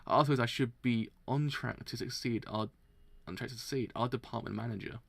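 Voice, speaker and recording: A man reading a manga aloud for a live reaction, often tripping over words and restarting, excitable and quick to laugh. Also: mid-range voice, creaky, no room sound.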